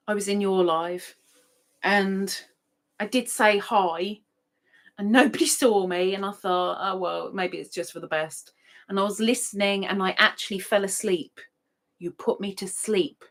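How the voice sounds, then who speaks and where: A woman in middle age, hosting a casual live stream and reading out viewers' chat with playful, sing-song repetition of names. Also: mid-range voice. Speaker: livestream host.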